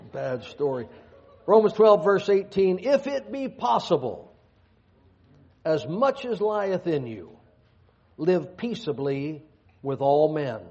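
A man's voice: fairly high pitch, darkish tone. A man preaching a sermon, reading scripture aloud and dropping folksy, joking asides. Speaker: pastor. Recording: dull lo-fi sound.

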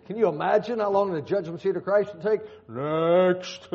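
A man's high-sitting voice carries vocal fry and moves fast as he preaches. The pastor reads scripture and slips in folksy jokes, heard through a dull, lo-fi recording.

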